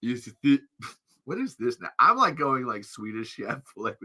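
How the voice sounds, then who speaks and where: Male podcast host, rambly and giggly, very bright tone. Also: mid-range voice, moderate pace, husky, lo-fi sound. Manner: rambling, animated, laughs often. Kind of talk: casual chat.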